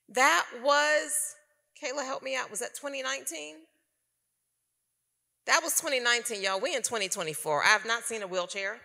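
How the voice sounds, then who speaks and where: A middle-aged woman tells her testimony to a conference crowd with a crisp, forceful tone and a gravelly edge. She is an animated storyteller who keeps turning to talk to the audience. Her stage mic carries a long echo through the hall. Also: high voice, moderate pace, long pauses. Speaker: conference speaker giving testimony. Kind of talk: personal testimony to a live audience.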